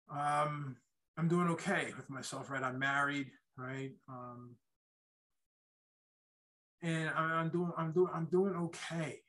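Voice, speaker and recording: A middle-aged man telling his own life story in a casual, halting way, with many restarts and a habit of checking in with "right?". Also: medium pitch, bright, forceful tone, poor audio. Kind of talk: casual spoken testimony.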